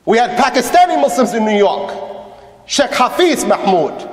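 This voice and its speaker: A man, an imam, telling his story in a lively religious lecture and acting out the voices of people he quotes. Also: very high voice, moderate pace. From United States. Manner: animated, acts out quoted voices. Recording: echoey hall with long reverb.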